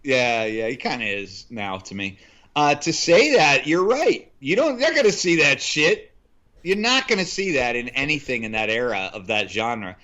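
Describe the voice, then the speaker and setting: A man co-hosting a film podcast in casual chat, making dry, wry remarks and quick asides about the movie. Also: medium pitch, big pitch swings, pushed and bright. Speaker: podcast co-host. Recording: dull lo-fi sound.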